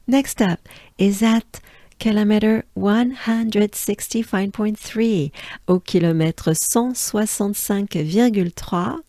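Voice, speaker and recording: A native French woman with a French accent leads a pronunciation drill. She speaks very slowly and repeats each sound patiently, coaching the listener to say it with her. Her voice is recorded dry, with no room sound. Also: mid-range voice, warm tone, dry recording. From France. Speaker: pronunciation teacher.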